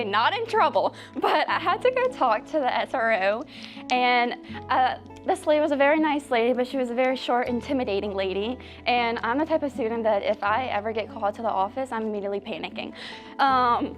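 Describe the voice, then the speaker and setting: A young adult woman, a high school student telling her story in an interview and acting out quoted voices. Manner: animated, acts out quoted voices.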